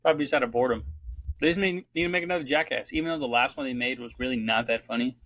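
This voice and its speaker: A man's voice: medium pitch, rapid-fire, a bit bright, poor audio. A man guesting on a comedy podcast, blunt and profane, often talking over the host. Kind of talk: casual comedy podcast chat.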